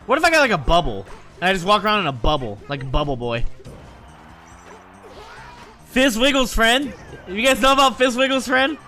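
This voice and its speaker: A man talking casually to his stream audience, telling stories in an animated, profane, joking way. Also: sits high, moderate pace, pauses often, faint music behind.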